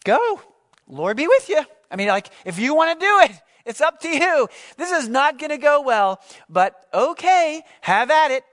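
Guy doing a fed-up king going "fine, whatever", pitched way up and loud. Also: big pitch swings, moderate pace, full character voice. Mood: grudging. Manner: casual, shrugging, reluctant. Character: exasperated older king, grudging and resigned.

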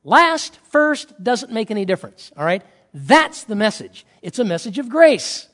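High-voiced preacher in a reverberant hall. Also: male voice, measured pace. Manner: animated storytelling, acting out dialogue, swings from loud to quiet. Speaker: pastor. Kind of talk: sermon.

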